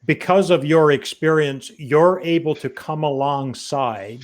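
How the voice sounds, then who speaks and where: Man, interview host, measured, hesitant, thoughtful questions. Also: a little high.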